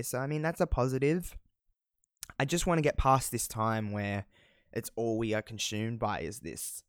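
A man's voice: lowish voice, unhurried, clean tone, no echo, clean studio sound. A man in his twenties with an Australian accent, hosting a casual solo podcast in a rambling, candid way, with slang and the odd swear word. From South Australia. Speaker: podcast host.

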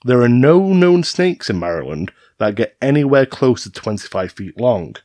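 A man's voice: medium pitch, very animated, moderate pace, a little mellow, no room sound. A man hosting a podcast, reading urban legends from a script in a teasing, storytelling manner. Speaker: podcast host. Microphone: studio mic.

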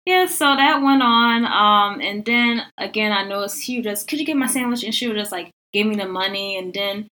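A woman's voice: moderate pace, few pauses. A young woman telling a workplace story in casual podcast chat, full of "like" and acting out other people's lines. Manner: animated, acts out quoted voices with high pitch jumps; lots of "like" fillers.

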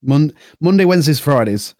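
A man's voice: a little high, animated, fairly quick, darkish tone, dry recording, studio quality. A young man, co-hosting a casual podcast chat in a laid-back way. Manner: laid-back, short replies, laughs often. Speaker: podcast co-host.

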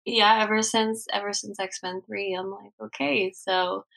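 A woman's voice: mid-range voice, little pitch movement, normal speed, gravelly, fairly bright tone, low-quality recording. A young woman co-hosting a podcast, rambling in casual chat, swearing and laughing often. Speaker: podcast co-host.

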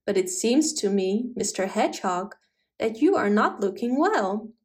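A woman voicing a kindly old gentleman rabbit in a storybook reading, cheerful and reassuring. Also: medium pitch, lively intonation, unhurried, natural voice.

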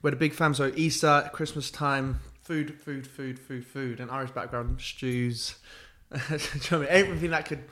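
A man, a guest telling stories in a friendly, relaxed way. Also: mid-range voice, normal speed. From West London, England. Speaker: guest, former footballer. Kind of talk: casual chat interview.

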